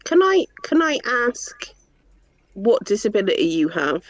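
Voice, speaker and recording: A woman's voice: mid-range voice, sing-song, a little slow, low-quality recording. A woman telling a teasing story in a casual streamed group chat.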